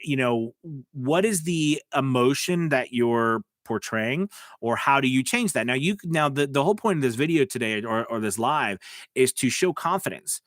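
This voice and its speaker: A man's voice: mid-range voice, animated, normal speed, fairly bright tone, no room sound, studio quality. Chatty man with a slight Southern drawl. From United States. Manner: rambling and chatty, many fillers and asides. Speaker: voice-over coach and livestream host. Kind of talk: casual livestream chat.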